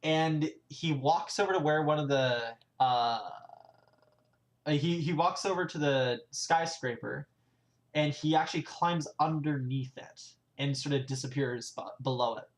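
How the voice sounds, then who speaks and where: A man's voice: a little high, a little slow. A man narrating a live-streamed tabletop game as game master, in a loose style full of fillers and restarts.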